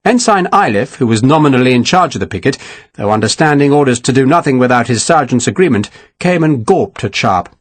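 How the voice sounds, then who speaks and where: A man narrating a historical war novel in a measured, expressive storytelling manner. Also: mid-range voice, dry recording. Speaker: audiobook narrator. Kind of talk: scripted narration.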